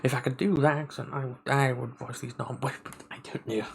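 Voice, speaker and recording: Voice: mid-range voice, steady tone, fairly quick, creaky, slight background noise, low-quality recording. A streamer on a live game play-through, reading the story text aloud and stopping to comment, often stumbling over and restarting words.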